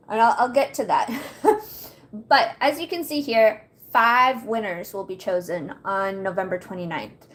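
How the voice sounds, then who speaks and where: A chatty woman hosts a casual livestream from home. She guides her viewers through a website step by step, laughing often and reacting to her chat as she goes. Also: mid-range voice. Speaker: livestream host.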